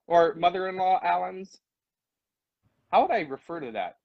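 A man's voice: high-pitched, animated, normal speed, gravelly, dry recording, narrow, tinny audio. A man co-hosting a casual live stream, chatting in a goofy, rambling, playful way. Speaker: podcast co-host.

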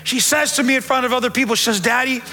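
A male pastor in midlife delivers a sermon to his church, his voice pitched unusually high. He preaches in an animated, joking way and drops in bits of street slang. His tone stays bright and forceful. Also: rapid-fire, long reverb tail.

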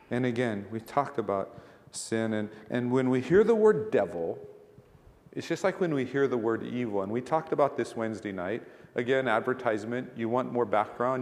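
A man's voice: medium pitch, in a large hall. A male pastor giving a conversational sermon, asking rhetorical questions and pressing his points with emphasis.

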